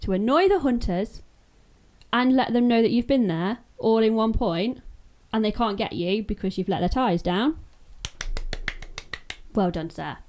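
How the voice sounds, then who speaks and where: A woman co-hosting a casual podcast chat, relaxed, with brief replies. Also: fairly high pitch, measured pace. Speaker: podcast co-host.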